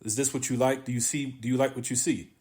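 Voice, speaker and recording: In a mosque, a man teaches a religious lesson on a classical text in a medium-pitched, steady, darkish voice. He speaks emphatically, repeats his points, leaves drawn-out pauses, and scatters Arabic terms throughout.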